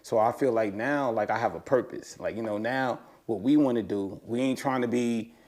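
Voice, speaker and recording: Male guest, loose street talk, animated storyteller, voice spikes up when excited. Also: moderate pace. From United States. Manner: animated storytelling, slangy and profane, voice rising high when excited. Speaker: interview guest. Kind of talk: casual conversation.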